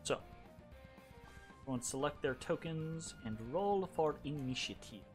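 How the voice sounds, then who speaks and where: Male game master, animated, slightly high voice, chatty dungeon narration with light music under it. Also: unhurried. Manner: casual, lively, with many fillers and laughs.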